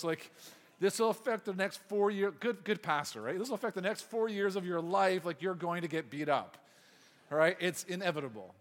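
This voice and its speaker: Male youth pastor with a high voice, preaching a lively story sermon in a hall with long reverb. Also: fairly quick. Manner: animated, acts out quoted voices.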